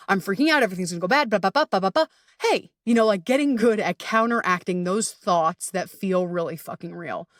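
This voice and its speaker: A woman's voice: medium pitch, no room sound, studio quality, far from the mic. A woman hosting a solo podcast and working as a coach, talking candidly and with energy, swearing freely and acting out bits of inner dialogue. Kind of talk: casual solo podcast talk.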